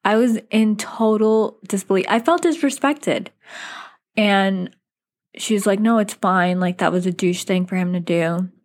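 A woman's voice: medium pitch, unhurried. A woman podcast host casually recounting a bad first date, chatty and full of filler words, acting out what others said. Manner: chatty, frequent "like" fillers, quotes others in animated asides. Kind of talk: casual storytelling.

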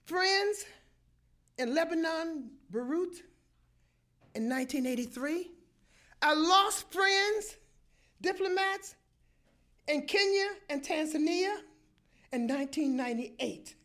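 An older woman telling a personal story, animated, acting out sounds and voices as she goes. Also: extremely high pitch, slow pace, long pauses.

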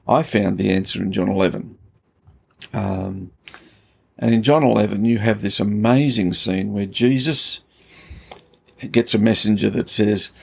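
A man with a low voice full of gravel and a husky, rough edge speaks as a pastor. He teaches scripture in relaxed conversation and builds emphatic intensity as he tells the story.

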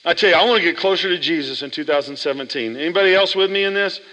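A man pastor preaching a sermon in a church, animated and chatty, often asking the congregation questions. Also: fairly high pitch, rapid-fire, big-room sound, rough recording. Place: church sanctuary.

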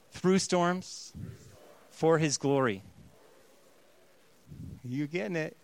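A man's voice: a little high, expressive, slow, long pauses, smooth. A man preaching a sermon in a conversational, playful way, slipping into voices to act out what people say. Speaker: pastor.

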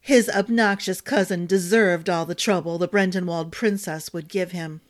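A woman storyteller reading a fantasy novel aloud in a steady, expressive narration. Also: lowish voice, moderate pace.

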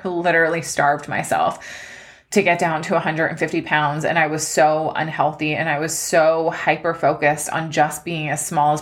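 Her voice sits low with a bit of brightness as this podcast host in her thirties gives a personal life update. She speaks earnestly, emotionally, and is tearful at times.

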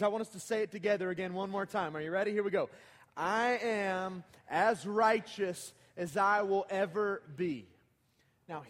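A man in his thirties preaching in a casual, conversational way and leading the congregation in call-and-response. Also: sits high. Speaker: pastor. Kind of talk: sermon. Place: large church hall. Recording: long hall reverb.

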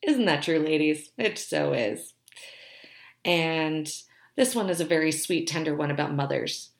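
Chatty woman vlogger reviewing books, slightly low voice, echoey room. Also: animated, unhurried. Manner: chatty and bubbly, laughing easily. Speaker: book reviewer. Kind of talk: casual chat to camera. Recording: roomy echo.

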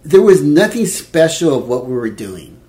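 A man in his fifties telling a dating story in casual chat, animated and laughing, acting out quotes. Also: fairly high pitch, normal speed. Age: 50s. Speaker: podcast co-host.

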